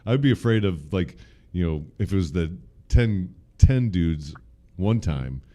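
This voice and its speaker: A man's voice: sits low, animated, unhurried, dark tone. A man co-hosting a live chat show, laid-back and crude, laughing often. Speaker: co-host.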